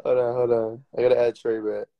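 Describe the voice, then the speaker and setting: A man hosting a casual livestream on his phone, loud and slangy as he banters with callers. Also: medium pitch, level tone, brisk, muffled recording. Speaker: livestream host. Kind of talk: casual chat.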